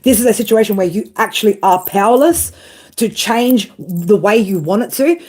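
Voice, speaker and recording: A woman's voice: medium pitch, moderate pace, a little mellow. A woman in her thirties giving a blunt tarot reading, swearing freely, handing out tough love and asking "right?" over and over. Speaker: tarot reader.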